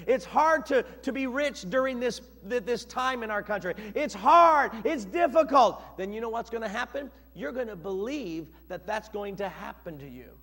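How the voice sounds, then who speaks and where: A male pastor preaching a sermon in an animated, dramatic way, acting out scenes with shifting voices. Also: extremely high pitch. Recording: long reverb of a church hall.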